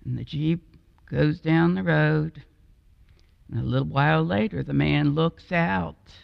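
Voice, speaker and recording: A woman preaching a storytelling sermon in a slow, expressive way, acting out the voices in her story. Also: sits low, gravelly, no room sound, long reverb tail. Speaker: guest preacher. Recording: dull, lo-fi and dry.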